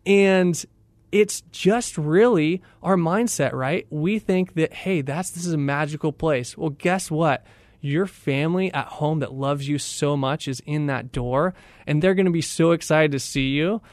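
A man's voice: a little high, normal speed, no echo. A young man speaking as a radio guest, giving an enthusiastic, motivational talk and acting out the voices of people in his stories. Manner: enthusiastic, animated storyteller who acts out voices. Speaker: guest, training director.

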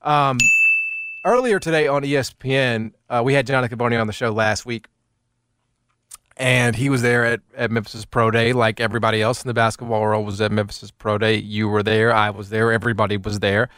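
Speaking a little fast in a smooth, medium-pitched voice, a man hosts sports talk radio and tells lively stories crowded with fillers. The sound is clean, studio-grade, with no room sound.

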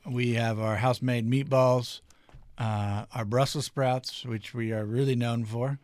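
A man's voice: medium pitch, steady tone, unhurried, a little mellow, no echo. A man who co-owns a restaurant, answering interview questions in an easygoing way with many filler words. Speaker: restaurant co-owner, guest.

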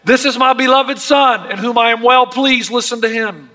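A man's voice: extremely high pitch, steady tone, moderate pace, sharp tone, in a large hall. A man preaching a sermon as pastor, emphatic and impassioned.

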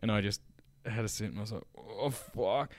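A man's voice: on the low side, fairly even intonation, rapid-fire, dry recording. A young man co-hosting a podcast, telling stories casually with swearing and laughter. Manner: laughing, swearing, acts out quoted voices loudly. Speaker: podcast co-host. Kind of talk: casual storytelling chat.

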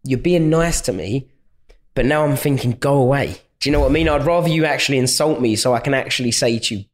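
A young man with a London accent talks casually on a podcast, slipping into bright, higher voices whenever he quotes strangers. His tone stays mid-pitched and easygoing, rambling through stories with plenty of "you know what I mean". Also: quick pace. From England. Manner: chatty storyteller, acts out quotes in a higher voice. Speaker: UFC fighter guest.

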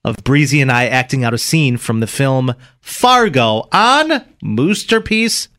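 A man's voice: medium pitch, moderate pace. A man cohosting a morning radio show, joking and reading copy in casual banter. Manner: animated, joking, reads copy aloud.

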